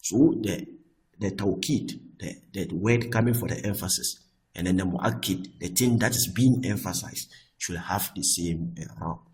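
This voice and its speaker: A man teaching Arabic grammar, often repeating himself and checking with "I hope that is clear.". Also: low voice, a little slow, poor audio. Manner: restarts and repeats words often. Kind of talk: explaining Arabic grammar on screen.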